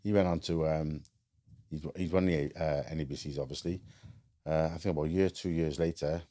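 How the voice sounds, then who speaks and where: Guest: man, very low warm voice, blunt and plain-spoken. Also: fairly even intonation, brisk. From Wales. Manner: frank, matter-of-fact, many fillers and restarts. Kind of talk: casual storytelling.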